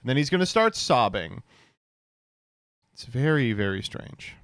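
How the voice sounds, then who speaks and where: A man's voice: mid-range voice, big pitch swings, measured pace, fairly bright tone, no room sound, clean studio sound. A young man streaming, giving sardonic, incredulous reaction commentary with laughing asides.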